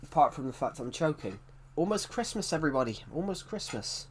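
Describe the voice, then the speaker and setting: A man's voice: a little high, big pitch swings, fast talker, slight background noise. A man chatting casually on a live stream, rambling and correcting himself, with a tickly throat that keeps him coughing.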